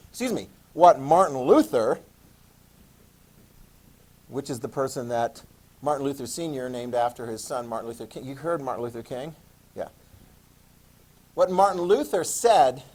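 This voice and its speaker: A man giving a classroom history lecture, animated and playful, acting out quotes in a classroom. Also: a little high. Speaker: history teacher.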